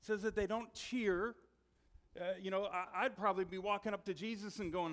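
A male pastor with a high-pitched voice delivers a sermon in a relaxed, storytelling way. He often softens into quiet, earnest tones to drive a point home. The voice carries a long reverb from a large hall. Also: brisk.

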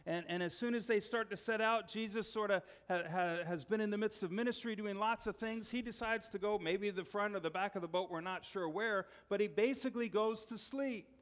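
Preaching in a relaxed, storytelling style, a male pastor with a high-pitched voice often eases into quiet, earnest tones to press a point home. A long reverb from a large hall trails his words.

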